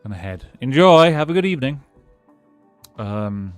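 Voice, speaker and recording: A man's voice: mid-range voice, big pitch swings, normal speed, dry recording, soft background music. A man streaming a game live, rambling casually and answering his chat as he plays. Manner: rambling, chatty, answers chat and thanks followers.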